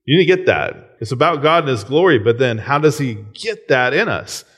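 A man in his thirties gives a sermon in an easy, conversational tone. His voice sits at an ordinary middle pitch. He keeps checking in with his listeners and laughs lightly now and then. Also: big pitch swings, brisk, a bit bright. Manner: conversational, frequent "right?" check-ins, chuckles. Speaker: pastor.

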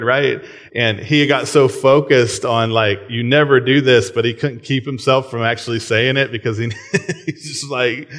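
A man's voice: mid-range voice, a bit bright. A man in his thirties preaching a sermon in a casual, conversational way, often checking in with "right?" and chuckling. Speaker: pastor.

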